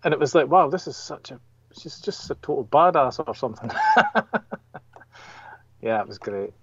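A man's voice: on the high side, big pitch swings, normal speed, a bit bright, slightly rough, dry recording, lo-fi sound. A man chatting casually about a comic he loves, enthusiastic and a bit sweary, acting out the lines he quotes. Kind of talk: casual podcast chat.

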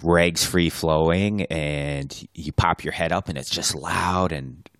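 A man with a very low voice co-hosts a casual podcast. He jokes and laughs often between remarks. The sound is dry and close. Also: slow pace, fairly bright tone, no echo. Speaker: podcast co-host. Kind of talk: casual chat.

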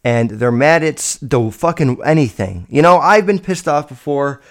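A man in his twenties hosting a solo podcast, telling stories in a rambling, profane, animated way. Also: fairly high pitch, normal speed. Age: 20s. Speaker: podcast host. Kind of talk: casual solo podcast storytelling.

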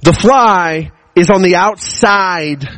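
A man giving a sermon as guest preacher, opening with a casual personal story. He rambles, restarts and chuckles often, and swings between excited and hushed. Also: high voice, slow, dry recording, poor audio.

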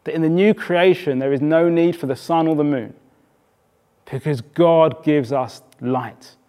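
Male preacher from England, slightly high voice, conversational but emphatic sermon delivery in church. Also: measured pace, a little mellow. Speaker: pastor.

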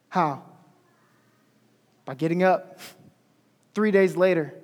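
A man's voice: on the high side, takes it slowly, long pauses, darkish tone. A male pastor preaching a sermon with emphasis, repeating key phrases, recorded in an echoey hall.

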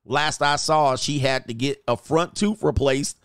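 A middle-aged man with a smooth, medium-pitched voice speaks a little slowly in a clean, echo-free studio recording. Hosting a casual livestream, he reads chat comments and acts out quoted lines in different voices, loose, animated, and laughing often.

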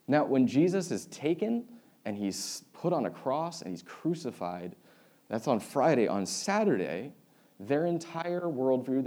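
A man's voice: medium pitch, dark tone. A man giving a sermon in a conversational, storytelling way, with wry asides and humor. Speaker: preacher.

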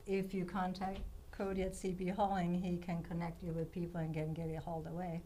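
A woman's voice: lowish voice, completely flat delivery, a little fast, dark tone, slight background noise. Earnest woman in her fifties from Denmark. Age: 50s. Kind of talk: casual radio interview.

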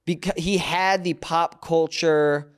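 A man's voice: a little high, steady tone, slow, clear, resonant tone. A man from the US, a comedian, telling stories in a casual chat and laughing as he goes. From United States. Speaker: comedian guest.

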